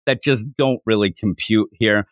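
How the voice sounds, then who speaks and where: A man's voice: on the low side, normal speed, no echo, studio quality. A man in casual chat, rambling and restarting his sentences as he talks. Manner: rambling, chatty, self-interrupting.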